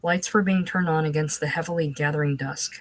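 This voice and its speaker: Low-voiced woman reading a novel. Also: steady tone, fairly quick, dry recording, low-quality recording. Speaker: audiobook reader. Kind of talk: literary audiobook narration.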